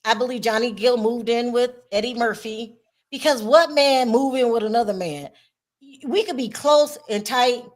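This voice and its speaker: A woman hosting a casual livestream chat, talkative and expressive, laughing often. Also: on the high side, normal speed. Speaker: host.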